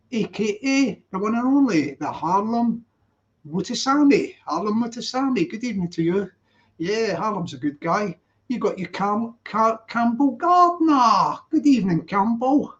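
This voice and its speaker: A Glasgow man in his sixties, his Glaswegian accent carrying a touch of London, hosts a livestream and greets viewers in casual, rambling chat full of "yeah." His voice is extremely high. The stream audio sounds dull and lo-fi.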